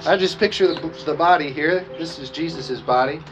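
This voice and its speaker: Pastor preaching over background music. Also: male voice, on the high side. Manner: reads scripture aloud and has the congregation repeat lines; emphatic, slows down on key phrases. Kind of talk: sermon during communion. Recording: dull lo-fi sound with music behind. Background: music playing.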